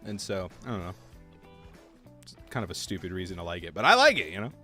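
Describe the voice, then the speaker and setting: Streamer, male, lively up-and-down delivery, faint music underneath. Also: deep voice, fast. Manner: chatty, animated, soft laughs. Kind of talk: casual livestream gameplay chat.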